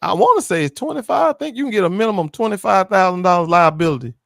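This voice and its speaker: A high-voiced man with a gravelly edge argues his side in a casual talk chat. His pitch swings widely as he pushes his point, laughing along the way. The sound is dry and close. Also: fast talker, no room sound. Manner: argumentative and lively, laughing as he makes his point.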